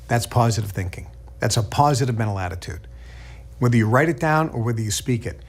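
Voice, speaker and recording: A man's voice: mid-range voice, very animated, fairly quick. A middle-aged man giving a motivational teaching talk, emphatic, acting out quoted self-talk in a raised voice. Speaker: teacher of a book study.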